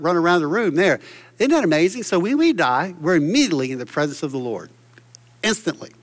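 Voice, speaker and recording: A man's voice: on the high side, fairly bright tone, long reverb tail. A man preaching a sermon from a church stage, fervent and exclamatory, often restarting his sentences. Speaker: pastor.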